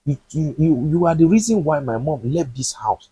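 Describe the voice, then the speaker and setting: A man's voice: fairly high pitch, animated, moderate pace, warm tone, breathy edge, dry recording. A man voicing an angry son who blames his stepmother for the family's troubles. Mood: accusing. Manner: accusing, heated.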